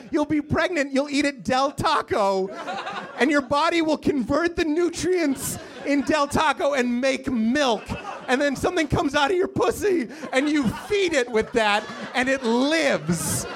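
A man performing a stand-up set at a comedy club, swinging between shouting and low mumbles, with the audience laughing. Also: expressive, measured pace. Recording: live crowd laughing.

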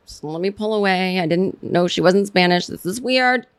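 A woman's voice: lowish voice, moderate pace, clear, resonant tone. A middle-aged American woman hosting her own podcast, rambling and sarcastic in casual solo commentary. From United States. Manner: rambling, animated, sarcastic asides. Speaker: podcast host.

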